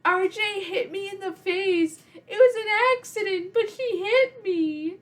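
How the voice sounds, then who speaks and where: A small boy, hurt and crying, tells on his sister in a high, whiny voice, as a woman puts him on. The voice sits well above a grown woman's, thin and childish. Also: a little slow, fairly bright tone. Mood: tearful.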